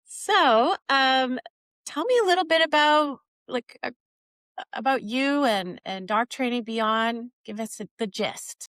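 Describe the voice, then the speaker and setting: A woman hosting a podcast, chatty and enthusiastic, often pausing on fillers as she introduces her guest. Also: high voice, fairly bright tone, dry recording, clean studio sound. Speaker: podcast host, dog trainer. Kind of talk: casual interview chat.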